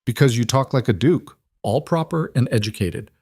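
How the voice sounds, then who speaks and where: Brief: man doing a young storybook seamstress, lifted voice, brisk and teasing, dry close sound. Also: mid-range voice, expressive, a little mellow, slightly rough, no echo, pitched above the performer's own voice. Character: young woman, poor brave quick-witted seamstress.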